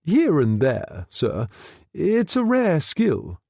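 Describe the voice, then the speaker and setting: A man's voice: on the high side, huge pitch swings, slow pace, mellow, no room sound, studio quality, voice pushed up, exaggerated voice. A man reading a novel aloud, voicing a cautious brigadier who speaks carefully and deferentially. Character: cautious brigadier, intelligence chief.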